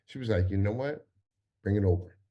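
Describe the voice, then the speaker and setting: A man with a fairly low voice, talking casually as a podcast co-host. He speaks haltingly, often breaking off and restarting his sentences. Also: muffled recording. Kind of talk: casual conversation.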